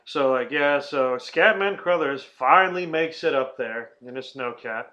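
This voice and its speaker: A man's voice: medium pitch, unhurried, bright, forceful tone, dull audio. A man hosting a casual movie-review podcast, rambling and swearing, often laughing and acting out silly quotes. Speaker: podcast host.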